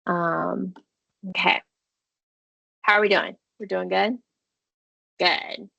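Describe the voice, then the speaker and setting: Encouraging woman with a gravelly edge. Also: lowish voice, fairly even intonation, takes it slowly, pushed and bright, no echo. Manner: encouraging, conversational, uses y'all and playful asides. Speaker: therapist leading a parenting webinar. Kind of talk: guided mindfulness and webinar presentation. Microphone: video call.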